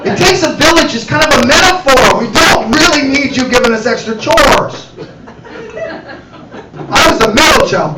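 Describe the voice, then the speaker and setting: A middle-aged man performing animated stand-up comedy at a cafe comedy night, talking to the audience. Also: very high voice. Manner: animated, acts out voices, addresses the audience. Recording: roomy, distant mic, loud background noise.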